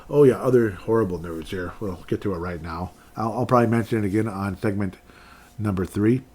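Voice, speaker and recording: A man's voice: fairly low pitch, fairly quick, warm tone. A man hosting a solo sports podcast, talking in a rambling, self-correcting way that turns emotional. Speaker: podcast host.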